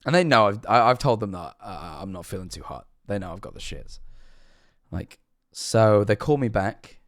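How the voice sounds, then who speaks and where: A man telling a self-mocking story to his stream, animated and swearing freely. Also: on the low side, normal speed, no room sound, clean studio sound. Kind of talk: casual storytelling to a live stream chat.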